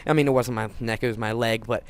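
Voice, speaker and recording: A man's voice: mid-range voice, steady tone, quick pace, clean tone. A teenage boy telling a personal story in a casual, rambling way, full of restarts and fillers.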